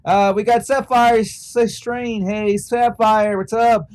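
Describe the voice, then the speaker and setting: A man co-hosting a stream, casually reading out shout-outs to people in the chat. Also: high-pitched, level tone. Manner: quick, casual, reeling off names. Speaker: relay streamer and co-host.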